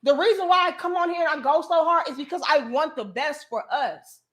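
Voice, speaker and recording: High-voiced woman ranting on a livestream. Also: a little fast, a bit bright. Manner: emphatic, profane, preachy. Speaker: livestream host. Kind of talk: heated livestream rant.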